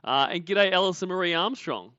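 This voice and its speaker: A mocking man with a New Zealand accent hosts a stream, laughing often and greeting viewers between jabs at a played call. His voice is bright and forceful. The audio is dry and a little dull, like a lo-fi home stream. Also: sits high, lively intonation, fairly quick, clean tone, no echo. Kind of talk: casual commentary over a played call.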